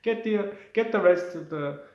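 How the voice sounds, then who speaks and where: A man putting on a mock Italian accent to play a pompous male Roman surgery professor, loud and scolding. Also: mid-range voice, fairly even intonation, rapid-fire, echoey room, highs cut off, close to an everyday voice. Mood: indignant.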